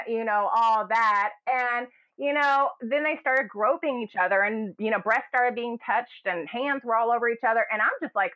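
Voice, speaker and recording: A woman's voice: a little high, moderate pace, few pauses, lo-fi sound. A woman from Kentucky telling a story casually, acting out the people in it with shifting voices. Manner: animated, acts out quotes in shifting voices. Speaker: guest, hotel general manager.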